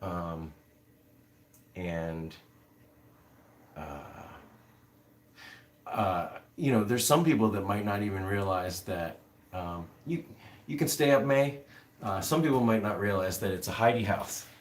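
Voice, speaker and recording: A man's voice: sits low, slow, long pauses. A man hosting a casual livestream, rambling with many fillers as he answers viewer comments. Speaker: livestream host.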